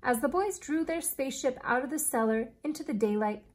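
Teacher lady reading a kids book aloud, kinda high voice, steady pace. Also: fairly quick.

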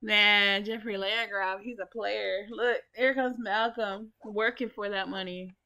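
A woman's voice: mid-range voice, steady tone, a little slow, bright, forceful tone. A young woman giving casual, profanity-laced commentary while playing a life-sim game, chatting to viewers, laughing often and talking back at the characters. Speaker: gaming YouTuber. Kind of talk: casual let's play commentary.

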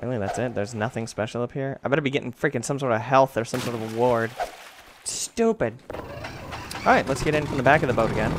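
A man's voice: medium pitch, animated, quick pace. Goofy man exclaiming over a game. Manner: goofy, exclaiming, mildly crude. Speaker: gamer. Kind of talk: gameplay commentary. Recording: noisy, with game sound behind.

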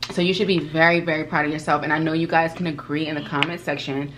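A woman's voice: low-pitched, flat delivery, fast talker, noisy background. A woman hosting a casual eating vlog, talking in an emphatic, encouraging way, like an older cousin giving advice. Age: older than 22. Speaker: food vlog host. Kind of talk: casual mukbang chat.

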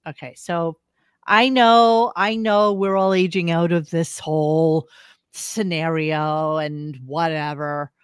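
A man's voice: fairly high pitch, fairly even intonation, takes it slowly, clear, resonant tone, no room sound, studio quality. A man co-hosting a podcast, chatting casually with crude wisecracks. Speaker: podcast co-host. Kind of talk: casual commentary chat.

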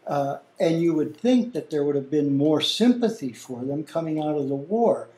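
A soft-spoken male interviewer with a slightly higher, mellow voice. He talks in a casual, agreeable way, and the room around him is roomy and echoing. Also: animated, normal speed. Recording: roomy echo.

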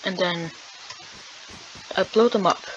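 A young woman commenting on her game casually, dramatic and whiny, swinging between loud outbursts and mumbles. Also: lowish voice, slow pace, lo-fi sound. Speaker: gamer. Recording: noisy background.

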